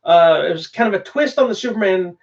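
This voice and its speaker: A man's voice: sits high, lively intonation, fairly quick. A man co-hosting a casual movie podcast, rambling and thoughtful with lots of fillers. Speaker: podcast co-host. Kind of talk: casual chat reviewing movies. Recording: distant, dull-sounding mic.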